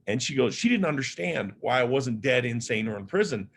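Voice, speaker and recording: A man's voice: mid-range voice, lively intonation, brisk, creaky, hardly any pauses, a little hiss or hum. A man from Las Vegas giving a motivational keynote talk as an author and speaker. He tells personal stories in a humorous, conversational, self-deprecating way. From Las Vegas, Nevada, USA.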